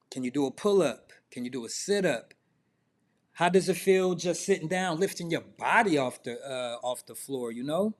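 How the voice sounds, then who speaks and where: A middle-aged man coaching in a loose, conversational way, firing off questions to the listener. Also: fairly high pitch. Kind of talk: casual self-improvement talk.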